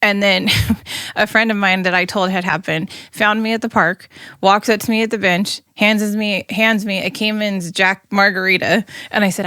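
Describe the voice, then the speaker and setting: Bright-voiced woman telling a personal story. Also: medium pitch, normal speed, smooth, no echo, studio quality. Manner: earnest, animated retelling with quoted dialogue. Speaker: guest, former law enforcement. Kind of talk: conversational interview, personal storytelling.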